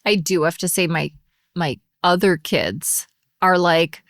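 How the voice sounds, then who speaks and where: A woman's voice: lowish voice, slow pace, no echo, clean studio sound. A woman co-hosting a podcast about home daycare, talking casually and often trailing off mid-sentence. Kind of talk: casual chat.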